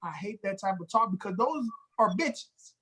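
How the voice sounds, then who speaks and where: A man co-hosting a laid-back podcast, telling stories from his job. He talks in a loose, profane, animated way, often restarting his sentences. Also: sits high, normal speed, a little hiss or hum. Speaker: podcast co-host. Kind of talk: casual chat, storytelling.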